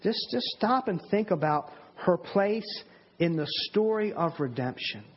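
A husky-voiced man preaches with earnest emphasis, and his voice sits somewhat high for a man. He repeats words and restarts his sentences as he presses each point home. The recording is dull and lo-fi. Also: animated, a little slow. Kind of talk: sermon.

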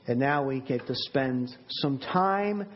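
A man preaching a sermon, earnest and emphatic, often repeating words and slowing down to stress them. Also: medium pitch, expressive, slight background noise. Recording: dull lo-fi sermon audio.

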